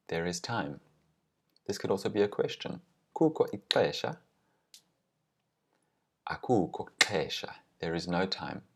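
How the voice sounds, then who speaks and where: A man with a low-sitting voice teaches language grammar, walking through example phrases and saying them slowly and carefully.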